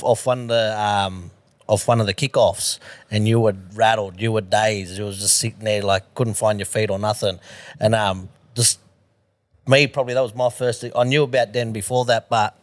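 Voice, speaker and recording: A footy player chatting on a podcast, halting and full of fillers. His voice sits on the low side, and the recording is close and dry. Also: dry recording. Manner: halting and admiring, many fillers. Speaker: podcast guest, rugby league player. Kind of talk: casual chat.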